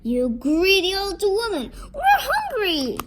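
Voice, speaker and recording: A woman voicing a little farm girl who shouts angrily and shrilly. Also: extremely high pitch, huge pitch swings, slow pace, heavy background noise, voice pushed up, heavily acted. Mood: shouting.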